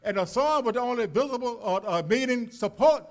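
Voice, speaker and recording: A man's voice: extremely high pitch, lively intonation, fairly quick. A man preaching a sermon as a minister, telling stories in a folksy way with many fillers and rising emphasis. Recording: church service recording.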